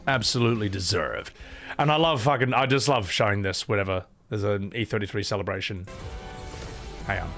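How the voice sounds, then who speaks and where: A man's voice: on the low side, expressive, moderate pace, long pauses, a bit bright, soft background music. A man streaming live, chatting casually with his viewers, swearing and laughing as he reacts to their comments.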